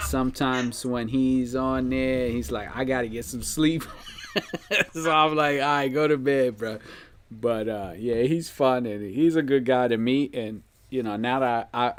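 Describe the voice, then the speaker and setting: A man hosting a podcast in relaxed casual chat, rambling and laughing often. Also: medium pitch. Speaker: podcast host.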